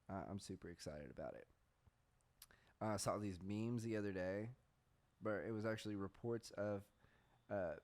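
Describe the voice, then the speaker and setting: A man hosting a podcast, talking in a casual, profane, deadpan sarcastic monologue. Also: lowish voice. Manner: deadpan sarcastic, profane, says "bro" a lot. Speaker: podcast host.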